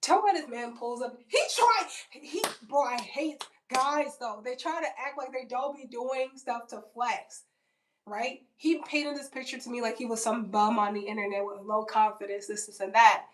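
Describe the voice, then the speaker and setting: A fairly high-pitched woman in her 20s speaks at normal speed with a steady tone, telling a story in a chatty, blunt vlog loaded with fillers, "like" and swearing. She sounds far from the mic in a roomy recording.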